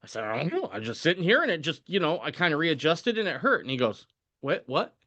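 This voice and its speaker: Bright-toned male podcast host. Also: fairly high pitch, fast talker, lo-fi sound. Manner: animated, often tags sentences with "right?". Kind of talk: casual storytelling.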